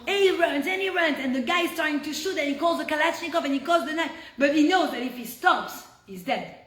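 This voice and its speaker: Animated woman telling a story with a Torah lesson. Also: high voice, a little fast. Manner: animated storyteller, drops to hushed tones for tension. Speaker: Torah teacher. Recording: roomy echo.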